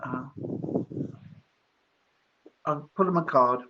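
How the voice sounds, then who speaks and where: High-voiced male psychic, chatty. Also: moderate pace, gravelly, pauses often. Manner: chatty, laughing between readings. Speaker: psychic reader. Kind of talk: live-stream psychic reading. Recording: dull lo-fi stream audio.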